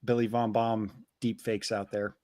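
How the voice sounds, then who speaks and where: A man's voice: on the low side, flat delivery, measured pace, mellow, dry recording, studio quality. A man co-hosting a live show, reading viewer donations aloud in casual chat. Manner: wry, reads messages aloud.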